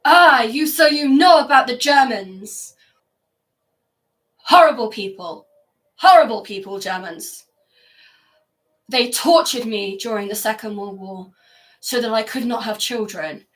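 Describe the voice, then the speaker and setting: A woman's voice: mid-range voice, steady tone, moderate pace, natural voice. Woman putting on an elderly Polish lady. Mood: bitter. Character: elderly petite Polish woman, warm and devout.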